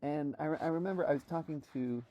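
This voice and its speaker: Halting woman working on a trained voice. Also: sits low, dark tone. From New York. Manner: halting, thinks aloud with many restarts; practicing a trained voice while speaking. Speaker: vlogger. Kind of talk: reflective solo monologue.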